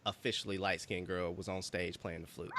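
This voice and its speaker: A man co-hosting a podcast, telling stories in a relaxed, rambling way full of fillers. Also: low-pitched, brisk, a little hiss or hum. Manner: relaxed storytelling, lots of fillers. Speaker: podcast co-host. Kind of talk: casual chat.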